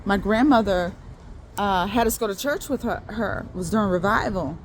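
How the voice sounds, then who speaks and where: A woman's voice: mid-range voice, moderate pace, slight background noise. Woman rambling through a personal testimony. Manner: rambling, with many restarts and repeated words. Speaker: faith video creator. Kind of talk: personal testimony, casual talk to viewers.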